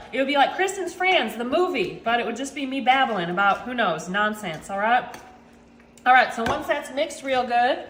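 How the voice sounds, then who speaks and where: Dishes clatter in the echoing home kitchen where this cooking channel host gives a casual demonstration. Her voice sits high with a fairly bright tone, and she keeps calling her viewers y'all; slight background noise is present.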